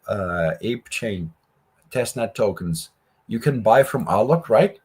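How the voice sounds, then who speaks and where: A man's voice: on the low side, lively intonation, slow, a little mellow, breathy edge. A man teaching a live coding workshop, explaining each step in a conversational way with asides. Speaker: workshop instructor.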